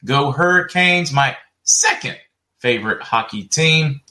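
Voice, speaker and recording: A man's voice: mid-range voice, lively intonation, a little slow, sharp tone. A middle-aged man hosting a casual livestream, chatting and reading viewer comments aloud with frequent laughs. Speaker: livestream host.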